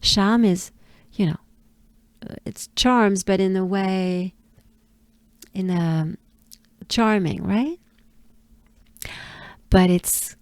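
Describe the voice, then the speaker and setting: A woman from France with a French accent, coaching pronunciation patiently and repeating each sound slowly for the listener to copy. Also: medium pitch, a little mellow, no room sound. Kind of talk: slow pronunciation lesson with drills.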